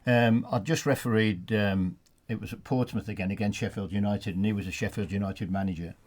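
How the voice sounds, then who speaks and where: Chatty former referee telling stories. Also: male voice, fairly low pitch, fairly even intonation, a little fast, a little mellow. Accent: Black Country. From England. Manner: anecdotal, laughs at his own stories, many restarts. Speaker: studio guest, former referee. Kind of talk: storytelling in a casual chat.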